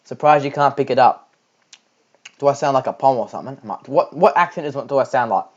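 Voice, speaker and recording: Young Australian male cricket caller, rambling fan commentary, mid-pitched, slightly dull home mic. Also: quick pace. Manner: chatty, rambling, many fillers and restarts. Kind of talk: homemade live cricket commentary.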